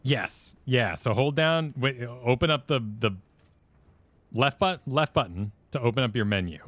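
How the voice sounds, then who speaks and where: Expressive man explaining game controls. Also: mid-range voice, no room sound. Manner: quick, explains controls, laughs along. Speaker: co-host and player. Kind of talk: casual gameplay banter.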